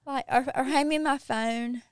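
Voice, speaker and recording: A woman's voice: high-pitched, fairly even intonation, moderate pace, smooth, no echo, clean studio sound. A middle-aged woman with a Mississippi Southern accent, chatting casually as a podcast guest and laughing often. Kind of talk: casual chat.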